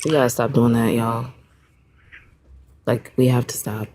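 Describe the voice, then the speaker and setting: A woman with a very low voice calls into a livestream and earnestly makes her point. There is faint noise behind her. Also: little pitch movement, measured pace, dark tone. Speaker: caller. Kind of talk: casual call-in chat.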